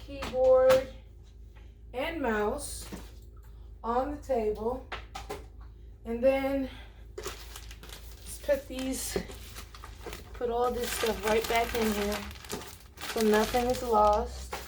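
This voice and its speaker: A woman's voice: a little high, fairly even intonation, slow, pauses often, noisy background. A woman talking casually to viewers while unboxing, chatty and informal, calling them guys and y'all. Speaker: vlogger.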